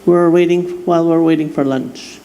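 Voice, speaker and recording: 反響する会場で笑い話をする男性. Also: male voice, on the high side, moderate pace. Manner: animated storyteller, laughing, acting out quotes. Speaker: workshop participant. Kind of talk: telling a funny personal story. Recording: echoey hall with faint noise.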